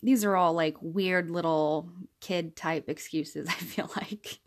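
Woman in her 30s doing a self-help podcast, slow and easygoing, encouraging, kinda chatty. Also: fairly low pitch, fairly even intonation. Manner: earnest, encouraging, chatty with laughs. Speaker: podcast host.

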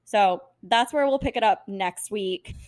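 A woman's voice: medium pitch, a little slow, a little mellow. Chatty young woman podcast co-host. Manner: laughing, chatty, wraps up the episode. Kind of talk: casual storytelling chat.

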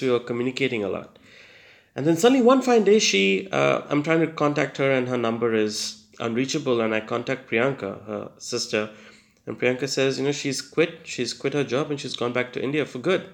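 A young man with a gravelly, creaky edge to his voice tells his personal story in an earnest, halting way. He stumbles through fillers and restarts and laughs at himself now and then. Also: medium pitch. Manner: hesitant, many fillers and restarts. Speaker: testimony speaker. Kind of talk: personal testimony.

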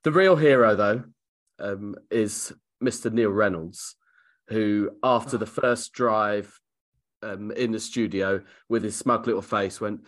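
A man with a fairly low voice talks football in a casual podcast chat. He teases the others with dry, deadpan humor. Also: slow. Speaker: podcast co-host.

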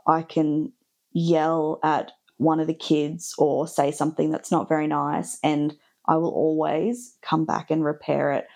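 A woman's voice: low-pitched, flat delivery, measured pace, creaky, darkish tone. A woman, a podcast guest talking earnestly and reflectively about parenting. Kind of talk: candid casual chat.

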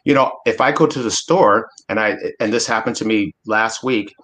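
Low-voiced man talking earnestly. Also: moderate pace, fairly bright tone. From Alaska, USA. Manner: earnest, emphatic, with many restarts. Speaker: guest. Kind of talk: casual panel discussion.

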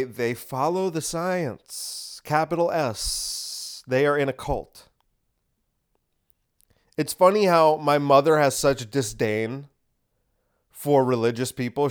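A podcast host with a smooth, mid-range voice rants sarcastically about his opinions, peppering his monologue with rhetorical questions.

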